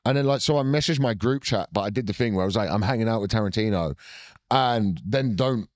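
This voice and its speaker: A young British man co-hosting a podcast, telling stories in an excitable, sweary, casual way. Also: mid-range voice, fast, no echo, studio quality. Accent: British English. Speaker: podcast co-host. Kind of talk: casual chat.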